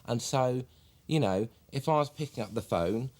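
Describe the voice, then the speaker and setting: An actor playing an earnest, deadpan male publisher who is a clueless amateur actor, talking in halting, literal asides. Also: medium pitch, lightly acted. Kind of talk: mock documentary interview.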